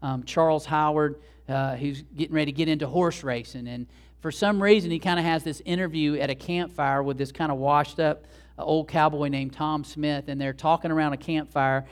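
A man's voice: a little high, fairly even intonation, a little fast. A male pastor giving a sermon, telling a story in a conversational way with asides to the congregation.

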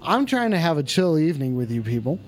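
A man hosting a livestream call-in show, talking to his chat in a rambling, exasperated, profane way, stretching some lines out and rushing others. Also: fairly high pitch, big pitch swings, music in the background. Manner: profane, exasperated, scolding viewers; drawn-out emphatic lines mixed with quick asides. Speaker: livestream host taking call-ins.

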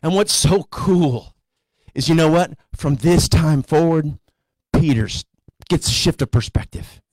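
High-voiced conversational male pastor. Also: a little slow, a little mellow, no echo. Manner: conversational storytelling preacher, voices characters casually. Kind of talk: sermon.

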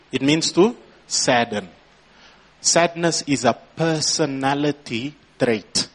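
A man preaching a sermon at a slow, deliberate pace, his voice sitting a little high for a man. He is a pastor addressing his church, leaning into emphatic rising phrases and turning often to the congregation. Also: slightly rough.

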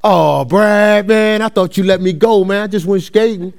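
A man's voice: high voice, normal speed, creaky, voice pushed up. A man acting out a pleading young athlete. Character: young male athlete pleading with his coach.

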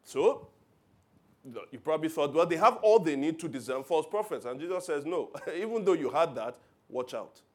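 A man preaching a sermon, telling stories with loud emphatic bursts and quiet asides. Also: on the high side, animated, moderate pace. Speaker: pastor.

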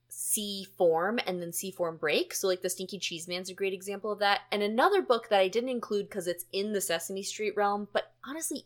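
A woman hosting a podcast in casual chat, animated and chatty with plenty of fillers. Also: medium pitch. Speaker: podcast host.

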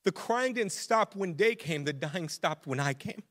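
A young adult man preaching a sermon as pastor, animated and casual, with slang. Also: high voice, unhurried.

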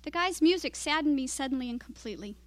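High-voiced woman reading her story aloud. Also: animated, fast, no room sound. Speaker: writer reading her work. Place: literary reading event.

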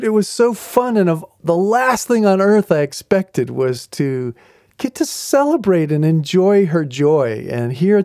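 Male podcast host, fairly high voice, mellow tone, chuckling, animated faith storyteller. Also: dry recording, clean studio sound. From New England. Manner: animated, chuckling storyteller who acts out quotes. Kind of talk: faith-based storytelling talk.

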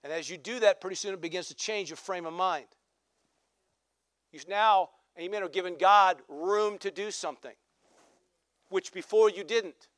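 A male pastor preaching a sermon, peppering his talk with "amen" and "come on" and rising to shouted emphasis. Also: sits high, normal speed, long pauses, dry recording, clean studio sound. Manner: call-and-response exhortations, repeated "amen" and "come on".

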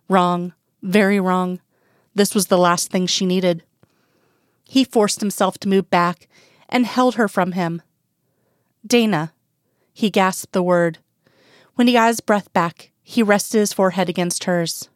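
A woman reading romance fiction aloud in a steady, even narration, in a dry, close recording. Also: medium pitch, no echo. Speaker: reader.

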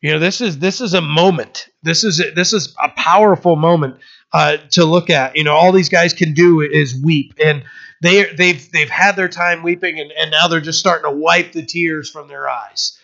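A man's voice: a little high, steady tone, moderate pace, fairly bright tone. A male pastor giving an informal, conversational Bible teaching sermon, retelling scripture scenes in everyday speech. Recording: slightly muffled lo-fi recording.

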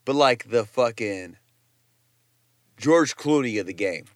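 A man's voice: mid-range voice, lively intonation, slow, no echo, clean studio sound. A man who is a chef, talking as a guest in a casual interview, telling loose stories full of slang and swearing. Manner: loose, profane storytelling with slang.

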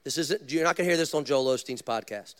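A man, a pastor, preaching a sermon with animated storytelling and direct questions to the congregation. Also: fairly high pitch, fast talker.

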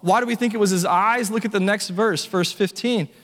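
A man's voice: sits high, a little fast, in a large hall. A man preaching a sermon as pastor, telling stories with casual asides to his congregation. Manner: animated storytelling, conversational asides to congregation.

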